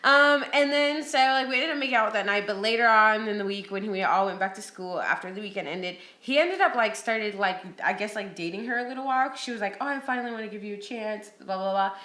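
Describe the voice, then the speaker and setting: Bright, blunt woman in an echoey room. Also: medium pitch, quick pace, few pauses. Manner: blunt, profane, animated storytelling. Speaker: podcast co-host. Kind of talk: casual storytelling chat.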